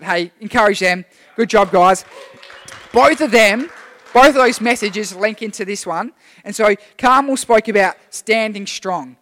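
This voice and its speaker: High-voiced man preaching in a hall. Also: fairly bright tone. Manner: chatty, rambling, with many restarts. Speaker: youth preacher. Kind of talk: casual sermon. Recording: long hall reverb.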